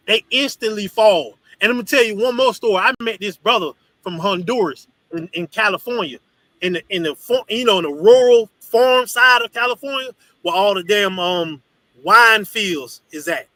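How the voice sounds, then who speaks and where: A man teaching a congregation in an animated, profane, storytelling preaching style. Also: sits high, normal speed, no echo, poor audio. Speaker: religious teacher.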